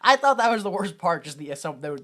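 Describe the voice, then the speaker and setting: A man's voice: sits high, big pitch swings, quick pace, bright, forceful tone. Rambling, laughing podcast guy. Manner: rambling, laughs often, lots of fillers. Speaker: podcast co-host. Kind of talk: casual comedic movie discussion.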